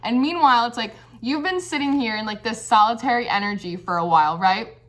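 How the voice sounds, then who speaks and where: A woman's voice: on the high side, brisk, fairly bright tone. A woman giving a casual, chatty tarot reading, peppering her talk with "like" and giggling. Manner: chatty, says like constantly, giggly. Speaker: tarot reader.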